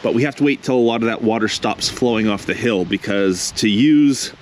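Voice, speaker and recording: A man's voice: fairly low pitch, brisk. Chatty man outdoors in wind. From Canada. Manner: chatty, excited exclamations over finds. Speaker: gold prospecting vlogger. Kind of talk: casual outdoor narration. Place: outdoors by a cold river in wind. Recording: wind noise on the mic.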